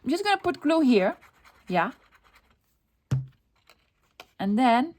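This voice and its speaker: A woman's voice: high-pitched, lively intonation, drawn-out words, pauses often, a little mellow. A middle-aged woman hosting a crafting video, chatting casually, talking to herself as she works and laughing often. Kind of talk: casual crafting tutorial chat.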